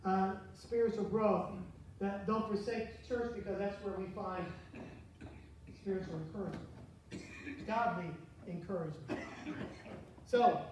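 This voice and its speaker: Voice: medium pitch, steady tone, measured pace, pauses often, a little mellow. A pastor giving a conversational sermon, asking the congregation questions as he goes. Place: church sanctuary. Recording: very echoey church from far off, faint hiss.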